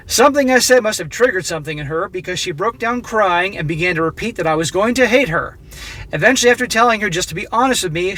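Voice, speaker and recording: Blunt bright-voiced man commenting on a story. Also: sits high. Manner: blunt, opinionated, addresses viewers directly. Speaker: relationship advice commentator. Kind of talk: reading a story aloud with commentary.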